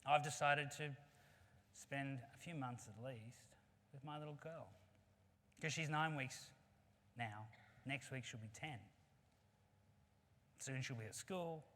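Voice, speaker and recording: A man's voice: mid-range voice, slow pace, long pauses, a bit bright. A man giving an earnest, conversational keynote talk built around a story. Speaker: conference speaker. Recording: long reverb of a large hall.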